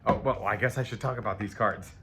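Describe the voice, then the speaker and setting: A man's voice: fairly low pitch, fairly even intonation, fast. A middle-aged man giving a casual live tarot reading to viewers, rambling and playful, calling them baby. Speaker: tarot reader. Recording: faint ambient noise.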